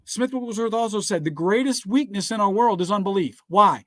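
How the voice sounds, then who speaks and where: A man with a fairly high voice delivers a motivational business talk mixed with scripture in an emphatic, preacher-like way. He keeps asking rhetorical questions and telling listeners to write things down, and his voice sounds close and dry, with no room echo. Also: fairly quick, fairly bright tone. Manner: repeats rhetorical "guess what?" and "all right?". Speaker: motivational speaker.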